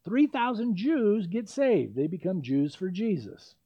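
A man preaching a sermon, telling the story in a lively way with playful asides. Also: sits high, a little slow, muffled recording.

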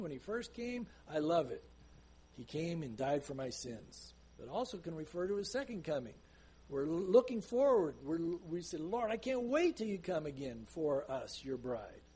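A man with a high, husky voice delivers a sermon. He preaches earnestly and slows his pace to stress each verse. His voice stays high even when he drops it for emphasis. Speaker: pastor.

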